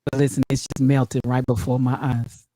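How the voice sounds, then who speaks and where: A woman voicing a smooth-talking flirty man at a bar, crooning in a low put-on voice. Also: flat delivery, moderate pace, dark tone, poor audio.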